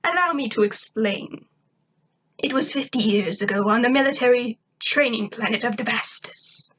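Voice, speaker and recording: A woman's voice: fairly high pitch, moderate pace, fairly bright tone, slight background noise, natural voice. A woman doing a cold, scheming alien rival.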